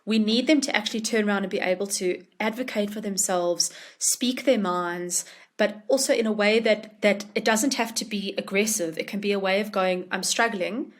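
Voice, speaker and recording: A woman who writes children's books, chatting casually in a podcast interview and acting out what others say in a lively voice. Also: mid-range voice, moderate pace. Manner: animated, acts out quotes in a lively voice. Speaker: children's book author.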